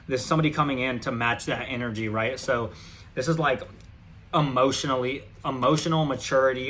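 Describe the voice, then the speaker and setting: Medium in pitch and fairly bright, this man's voice carries a little hiss or hum. He's doing an informal tarot reading, cursing often and rambling with heavy fillers and false starts.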